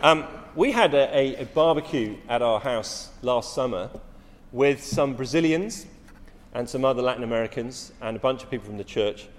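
A man's voice: mid-range voice, moderate pace, big-room sound. A middle-aged man preaching a sermon, telling stories with rising emphasis and frequent restarts.

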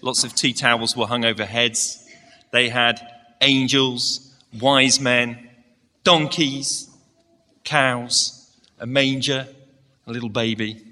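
A man's voice: mid-range voice, fairly even intonation, takes it slowly, pauses often, pushed and bright. A man giving a sermon to a church congregation, telling a story and asking the listeners direct questions. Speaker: preacher. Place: church service, large hall. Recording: long hall reverb.

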